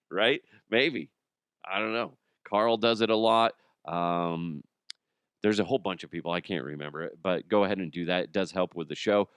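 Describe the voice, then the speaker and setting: A man's voice: low voice, moderate pace, a bit bright, clean tone, no echo. Rambling jokey man on a podcast. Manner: rambling, jokey, slips into impressions. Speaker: podcast host. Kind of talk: casual comedic monologue.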